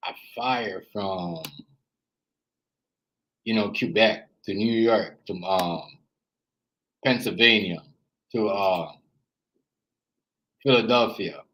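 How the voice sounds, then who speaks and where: A man's voice: on the low side, fairly bright tone, low-quality recording. A man with a Jamaican accent chatting casually on a live stream, rambling and repeating himself as he greets viewers.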